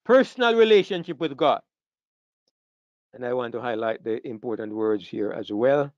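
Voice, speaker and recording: A man's voice: medium pitch, expressive, moderate pace, a little mellow, no room sound. A man preaching a sermon, emphatic and repetitive, asking questions and answering them himself. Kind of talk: sermon lecture. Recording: dull lo-fi sound, dry.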